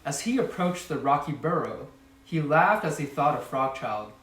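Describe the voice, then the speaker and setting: A man reading a children's storybook aloud in a lively, expressive way. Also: a little high, moderate pace, echoey room, distant mic, rough recording. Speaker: storybook reader.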